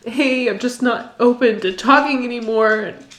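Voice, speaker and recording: Distraught young woman, halting confessional story. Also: on the high side, fairly bright tone. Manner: upset, halting, many "like" fillers and restarts. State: distressed, near tears. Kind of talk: emotional personal story, confessional.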